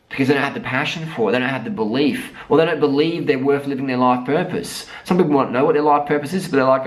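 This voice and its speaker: A man's voice: medium pitch, fast talker, hardly any pauses, low-quality recording. An Australian man in his thirties, talking to camera in a blunt, profane, emphatic motivational rant mixed with storytelling. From South Australia. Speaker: vlogger.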